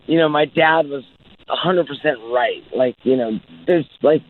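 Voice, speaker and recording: A man's voice: fairly high pitch, moderate pace. Rambling man on a tinny line. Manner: swears a lot, rambling and searching for words. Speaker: interviewed musician. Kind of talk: casual interview. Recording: tinny phone-like clip.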